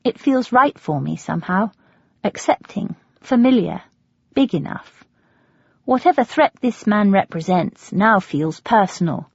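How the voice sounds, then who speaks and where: A woman with an English accent reading a first-person audiobook in a wry, expressive way. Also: medium pitch, a little slow, vocal fry, slightly rough, no room sound. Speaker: audiobook narrator. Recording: dull lo-fi audio.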